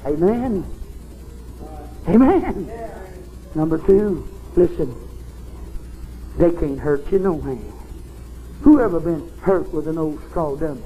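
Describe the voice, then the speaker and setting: A male preacher with a high, swooping voice leaps between low murmurs and soaring cries as he delivers a folksy revival sermon. He talks in a plain, homespun way and his fervor keeps pushing him into shouts. Faint music plays behind him in the church. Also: animated, takes it slowly, pauses often, narrow, tinny audio. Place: church service.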